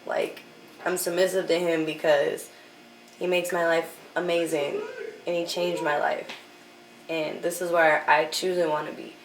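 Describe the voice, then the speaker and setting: A woman's voice: fairly low pitch, recorded from a distance, slight background noise. Laughing young woman, roomy off-mic sound. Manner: laughs often, fills with "like", drops to a hush for quoted lines. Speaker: interview guest. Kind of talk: candid casual storytelling.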